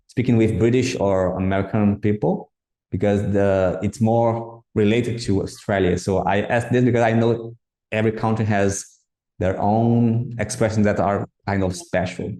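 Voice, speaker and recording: Low, mellow-voiced male podcast host. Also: fairly even intonation. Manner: halting, repeats words while forming questions. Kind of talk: casual interview. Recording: echoey room.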